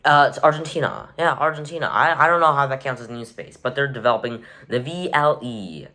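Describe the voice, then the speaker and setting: Male vlogger, middle-pitched voice, casual and rambling, sarcastic throwaway asides, self-correcting. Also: brisk, pushed and bright. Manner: wry, offhand, sarcastic asides. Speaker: vlogger rating rockets. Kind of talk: casual tier-list commentary.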